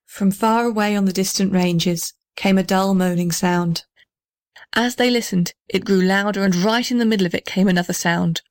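Lady reading a kids' story, even gentle telling, dry close sound. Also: medium pitch, normal speed, no room sound.

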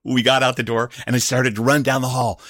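A man's voice: medium pitch, fairly quick, dry recording, clean studio sound. A man telling a childhood story as a stage storyteller, acting out each voice. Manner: animated, acts out every voice. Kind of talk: told story performance.

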